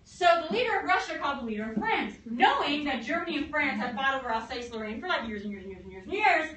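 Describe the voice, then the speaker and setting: A bright, high-voiced woman teacher lectures at speed and slips into quick comic voices for the countries she describes. The sound is roomy and a little distant, like a classroom heard from the back with a faint hum behind. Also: very animated. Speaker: history teacher. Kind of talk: fast, animated classroom lecture. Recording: echoey room, mic at a distance.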